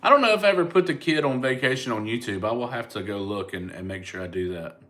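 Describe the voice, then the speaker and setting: A man's voice: medium pitch, lively intonation, quick pace, sharp tone. A man with a Southern US accent, a comedian casually chatting live with his fans and answering their comments in a laid-back, rambling way. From United States.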